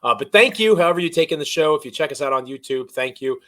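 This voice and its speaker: A man's voice: a little high, expressive, quick pace, a bit bright. A man co-hosting a sports podcast, chatty and self-deprecating as he runs through the show's intro and the news. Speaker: podcast co-host.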